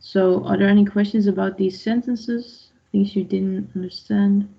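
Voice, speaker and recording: A woman's voice: mid-range voice, fairly even intonation, moderate pace, gravelly, husky. A woman teaching a beginner's online language lesson, patiently explaining grammar and asking the class for answers. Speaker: Dutch teacher. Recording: dull lo-fi online class audio.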